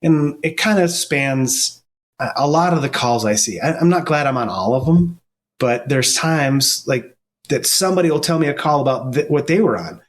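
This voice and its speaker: A middle-aged man, a firefighter and paramedic, telling stories in a casual interview, earnest and halting with frequent restarts. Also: medium pitch, lively intonation.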